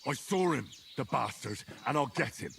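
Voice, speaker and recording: An actor playing a stubborn, vengeful young commoner hero in a game, earnest and insistent. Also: male voice, medium pitch, animated, moderate pace, creaky, background noise. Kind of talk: game voice acting.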